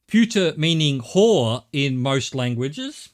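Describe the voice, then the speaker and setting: A man's voice: mid-range voice, lively intonation, measured pace. A middle-aged man with an Australian accent giving live game-stream commentary, thinking aloud and chatting casually with his viewers.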